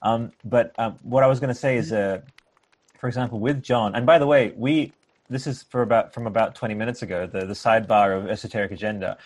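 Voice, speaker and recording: Man, podcast host, lower-pitched voice, rambling metaphors, lots of fillers. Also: steady tone, fairly quick, no room sound. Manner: fillers, metaphor-heavy, musing. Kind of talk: casual conversation.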